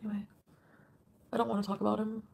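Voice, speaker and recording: A woman's voice: medium pitch, flat delivery, fast, gravelly, heavy background noise. A woman live streaming, reading out viewer comments in an emotional way and swearing often.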